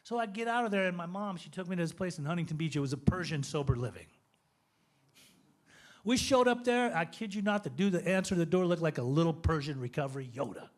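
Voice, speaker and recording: A man in his fifties giving a recovery testimony, telling his story in an animated, joking way. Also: a little high, quick pace. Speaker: recovery speaker.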